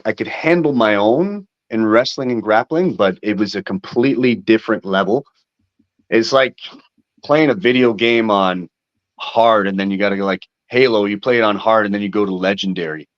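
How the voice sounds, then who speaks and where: A man in his thirties talks candidly in a low voice, rambling through his answers with plenty of fillers and curses. The recording sounds dull and lo-fi, with a dry, close feel. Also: a bit bright, dry recording. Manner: candid, rambling storytelling with frequent swearing and fillers. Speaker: MMA fighter, interview guest. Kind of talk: casual interview talk.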